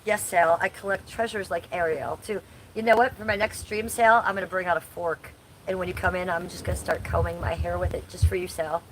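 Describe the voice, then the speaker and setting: Woman in her forties hosting a home livestream, slightly low voice, blunt and crude, faint background noise. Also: fairly even intonation, brisk, poor audio. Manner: blunt, crude and chatty, reading chat aloud. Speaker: livestream host. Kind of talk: casual livestream chat.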